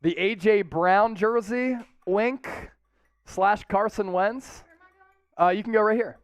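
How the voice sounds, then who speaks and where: A young man hosting a casual live sports stream from a small studio, joking and breaking into loud chants. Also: sits high, takes it slowly, clear, resonant tone, dry recording. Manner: rowdy, excitable, shouts and chants. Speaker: sports show host.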